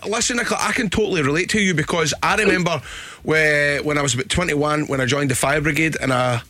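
A Scottish man co-hosting breakfast radio, animated and laughing, speaking in broad dialect. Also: on the high side, fast talker, no room sound. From Scotland. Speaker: radio co-host.

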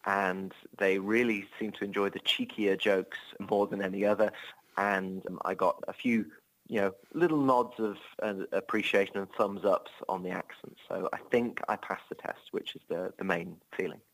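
English male comic, lowish voice, amiable and rambling, self-deprecating interview chat. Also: fairly even intonation, moderate pace, a bit bright, poor audio. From England. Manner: rambling with restarts, amiable, playful. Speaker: touring comedian.

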